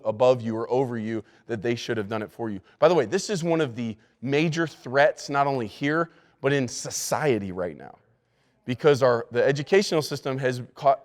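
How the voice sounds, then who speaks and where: Speaking in a medium pitch, a male pastor instructs church staff on leadership, emphatic and prone to repeating key words and restarting sentences. Long hall reverb colors the audio.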